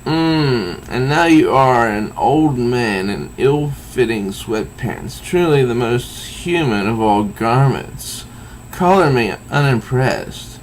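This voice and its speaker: A man's voice: medium pitch, expressive, takes it slowly, slight background noise, poor audio. A man voicing an uptight, haughty deposed king as he reads a comic aloud. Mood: indignant. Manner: uptight, indignant. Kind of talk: reading comic dialogue aloud.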